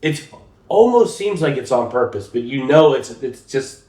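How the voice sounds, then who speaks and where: A man with a Texan accent chats on a casual podcast, mid-pitched, laughing often and restarting his sentences. He sounds a little roomy and echoey. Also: very animated, moderate pace, dark tone. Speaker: podcast co-host. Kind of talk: casual chat.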